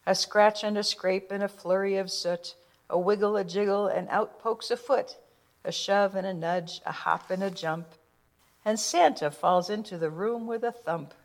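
A woman narrating a children's rhyming picture book with a gentle, rhythmic delivery. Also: medium pitch, steady tone, moderate pace.

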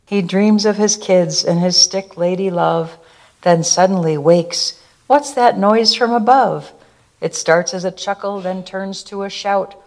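A woman's voice: medium pitch, a little slow, darkish tone. A woman reading a rhyming picture book aloud, in a rhythmic, lilting way. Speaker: storyteller.

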